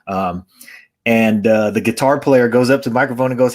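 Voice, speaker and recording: A man's voice: medium pitch, moderate pace, a little mellow. A man co-hosting an interview over a video call, telling stories and introducing a guest with enthusiasm. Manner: storytelling, enthusiastic, restarts. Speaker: co-host, drummer. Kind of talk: casual interview chat.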